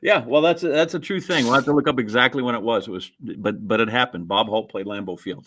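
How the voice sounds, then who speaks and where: A man hosting an interview, relaxed and asking quick-fire questions. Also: medium pitch. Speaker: host. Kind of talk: casual interview chat.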